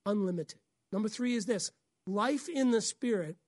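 A woman pastor, preaching a sermon in an animated way, often acting out voices and laughing. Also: medium pitch, normal speed, no room sound, clean studio sound.

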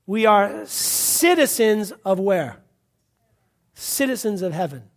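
A man's voice: high voice, very animated, slow pace. A man from Massachusetts preaching a fervent sermon, repeating points and calling out hallelujahs. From Massachusetts, USA. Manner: fervent, repetitive, punctuated with hallelujahs.

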